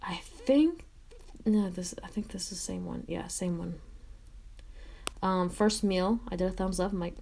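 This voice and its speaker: A woman's voice: lowish voice, measured pace, vocal fry, pauses often, warm tone, a little hiss or hum. A woman telling a personal story in a casual, chatty way, full of "like" and "um". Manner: chatty, filler-heavy, lots of "like" and "um". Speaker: vlogger.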